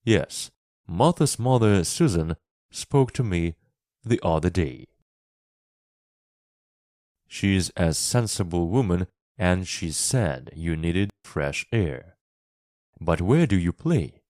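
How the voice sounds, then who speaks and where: A man voicing a sad, distracted middle-aged uncle in a storybook reading, slow and kindly. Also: sits low, expressive, darkish tone, dry recording, studio quality. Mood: weary. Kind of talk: storybook reading for English learners.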